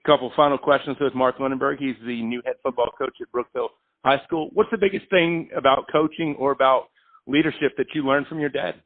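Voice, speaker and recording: Male radio interviewer, conversational, mid pitch, tinny phone-quality audio. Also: fairly even intonation, a little fast. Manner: conversational, asks questions. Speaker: sports interviewer.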